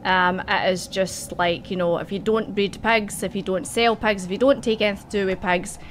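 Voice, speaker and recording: A woman's voice: mid-range voice, steady tone, normal speed, a little hiss or hum. Chatty woman game master. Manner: chatty, giggly, loose narration. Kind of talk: narrating a tabletop game.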